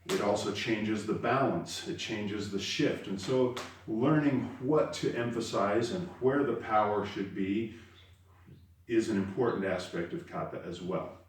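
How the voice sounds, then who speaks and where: A man teaching karate, explaining step by step and stressing the key words. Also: medium pitch. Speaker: karate instructor. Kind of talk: spoken lesson. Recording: very echoey room, voice far from the mic.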